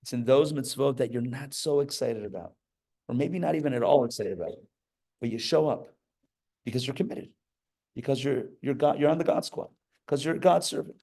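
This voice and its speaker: A man giving a lively sermon as a rabbi at a live class, talking in an animated way with joking asides and acted-out quotes. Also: medium pitch, a little fast, creaky. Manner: animated, acts out quoted voices, jokey asides. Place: live class before an audience.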